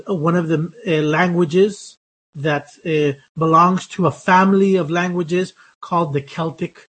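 A man giving a recorded lecture to students, halting often with fillers and restarts. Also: a little high, poor audio. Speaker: university lecturer.

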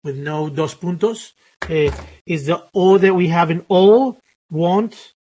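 A man's voice: sits high, slow pace, mellow, a little hiss or hum. Hesitant male phonetics teacher. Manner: hesitant, many fillers and restarts. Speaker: pronunciation teacher. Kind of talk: live phonetics lesson.

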